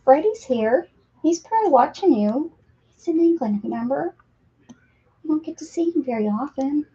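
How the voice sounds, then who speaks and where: Her voice high and animated at a normal speed, a woman livestreams casually from her craft room. She calls to her cats in coaxing, sing-song baby talk and sometimes drops to soft whispers, all on dull, lo-fi audio with faint noise.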